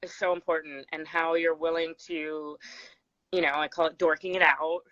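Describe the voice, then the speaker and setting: A woman host talks in a fairly low voice. She is effusive and rambling, with many fillers, in a casual live video chat. The audio is dry and dull, like a lo-fi stream. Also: flat delivery, moderate pace, a bit bright, dry recording. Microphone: video call.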